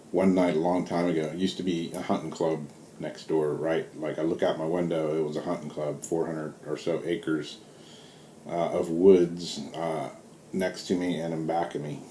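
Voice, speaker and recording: A middle-aged man with a Southern US accent telling stories in a relaxed, rambling vlog, full of fillers. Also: a bass voice, measured pace, long pauses. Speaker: vlogger. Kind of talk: casual storytelling vlog. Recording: roomy with faint background hiss.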